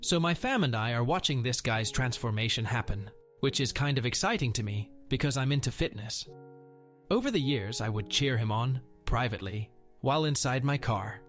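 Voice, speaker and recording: A man's voice: medium pitch, expressive, normal speed, a bit bright, soft background music. A man narrating a Reddit post aloud in a wry, sardonic manner.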